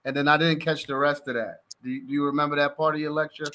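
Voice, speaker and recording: A man's voice: on the high side, level tone, quick pace, pushed and bright. A man in a class discussion, asking polite, hesitant questions with fillers. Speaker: student.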